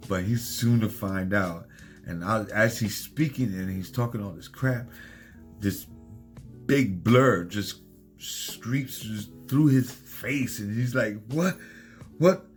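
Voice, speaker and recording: A man casually recapping a comic issue, excitedly retelling scenes and quoting the characters' lines. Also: mid-range voice, slow pace, faint music behind. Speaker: comic book reviewer.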